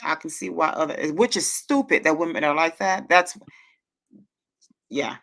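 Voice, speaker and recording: Bright, lively woman hosting a livestream. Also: low voice, normal speed, gravelly. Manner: excitable, laughs often, reads viewer comments aloud. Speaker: livestream host. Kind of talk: casual livestream chat.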